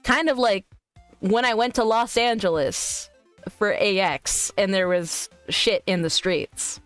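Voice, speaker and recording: A woman streaming as a VTuber, chatting loosely with her viewers and answering their messages out loud. Her voice is smooth and clean, pitched in a middle range, and she swears freely between jokes and teasing. Faint music plays behind her. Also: slow pace. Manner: crude, joking, teasing. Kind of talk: casual live-stream chat, reading viewer messages aloud.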